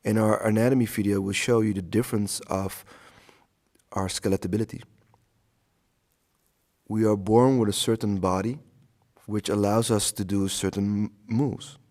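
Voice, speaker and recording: Calm low-voiced man guiding yoga. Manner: slow, calm and soothing, with long pauses. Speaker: yoga teacher. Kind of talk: guided yoga instruction.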